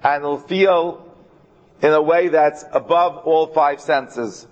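A man giving a Torah class in an earnest tone, mixing Hebrew terms into his English and slowing right down to stress key verses. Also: on the high side, dull audio. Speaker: Torah teacher.

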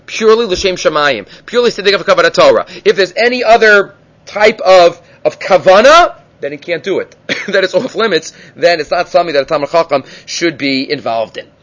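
A man with a notably high voice leads a Talmud class. He explains and retells stories animatedly, weaving in Hebrew and Aramaic terms with quick asides and fillers. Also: animated, fairly bright tone. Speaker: Talmud teacher giving a daily class. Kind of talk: Talmud lecture with storytelling.

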